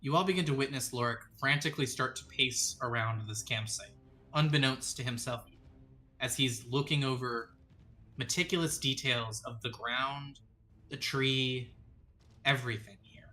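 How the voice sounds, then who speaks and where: A man acting as dungeon master, describing a scene and laying out choices for the players in a measured storytelling manner. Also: medium pitch, sharp tone. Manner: descriptive, measured storytelling with sudden quick asides. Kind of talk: narrating a tabletop game.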